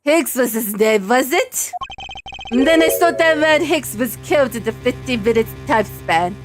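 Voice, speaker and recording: A woman's voice: high voice, lively intonation, unhurried. A woman voicing a pompous, impatient wealthy male art dealer with a thick made-up foreign accent, over game music. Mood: haughty.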